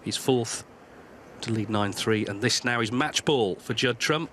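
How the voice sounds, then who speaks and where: A man's voice: mid-range voice, measured pace, crowd noise. Polished man calling the play. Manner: polished, narrating the match flow. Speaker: lead commentator. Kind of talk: live sports commentary.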